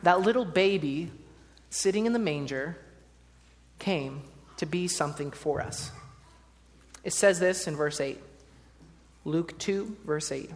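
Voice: medium pitch, slow, pauses often. A preacher giving a sermon, reading scripture and talking to the congregation in a conversational way with playful asides. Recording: long hall reverb.

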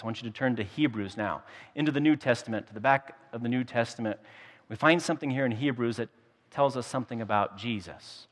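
A man's voice: lowish voice, fairly bright tone. A man pastor delivering a sermon in a storytelling, humorous way, often repeating his words as he goes. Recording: long hall reverb.

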